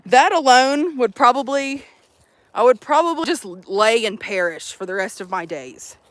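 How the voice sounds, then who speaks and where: Animated, high-voiced young woman vlogging outdoors. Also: moderate pace. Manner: animated, profane, jokey. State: out of breath. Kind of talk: casual chat to camera. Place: outdoors at a campsite.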